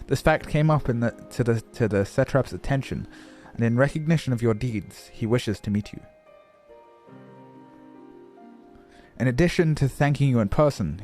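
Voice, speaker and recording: Man putting on a courtly male envoy, halting, stumbling, mid pitch, soft music behind. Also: lightly acted. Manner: halting, stumbling over hard words. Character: formal male envoy of a foreign ruler. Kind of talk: reading game dialogue aloud in a put-on accent.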